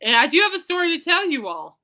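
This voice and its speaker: Her voice is very high-pitched, and she talks fast. As the host of her own podcast, this woman spins rambling stories in a loose, chatty style, swinging from loud to soft and addressing her audience as "people."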